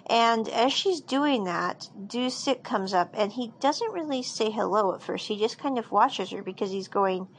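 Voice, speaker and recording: A woman's voice: fairly high pitch, lively intonation, moderate pace, few pauses, slight background noise, rough recording. Chatty woman recapping a drama episode. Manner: chatty, rambling with frequent fillers and restarts.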